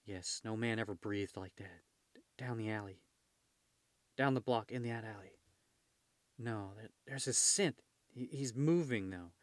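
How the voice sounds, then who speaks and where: Man doing a vigilante's inner monologue, low, hushed, clipped, dry. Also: measured pace, pauses often, no echo, lightly acted. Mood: tense, focused.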